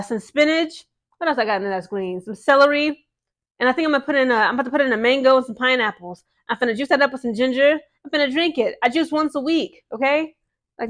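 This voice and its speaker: High-voiced woman ranting fast about her team, keeps saying okay?. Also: fairly bright tone. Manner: fired-up, repeats "okay?" and "again". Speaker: sports vlogger. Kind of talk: casual ranting vlog.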